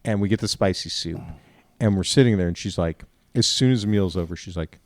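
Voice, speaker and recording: Lage mannenstem, rauwe anekdotes, droog. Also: male voice, low voice, brisk, no room sound. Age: adult father. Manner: animated, profane anecdote-telling with quoted dialogue. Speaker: podcast host. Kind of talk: casual storytelling chat.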